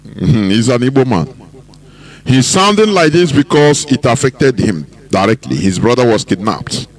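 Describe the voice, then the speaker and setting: A Nigerian man hosting a political radio broadcast, delivering commentary in an emphatic, preaching manner with drawn-out phrases. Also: mid-range voice, big pitch swings, poor audio. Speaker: radio host.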